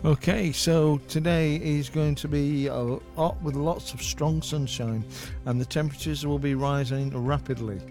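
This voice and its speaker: A man reads a radio weather forecast, hesitating and tripping over his words. His voice sits fairly high. Soft music plays faintly under him. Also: steady tone, unhurried. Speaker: weather presenter.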